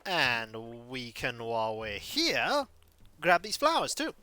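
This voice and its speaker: A man's voice: mid-range voice, wildly swooping pitch, slow pace, sharp tone. A man casually commenting as he plays a life-sim game on stream, chatting with viewers and muttering asides to himself.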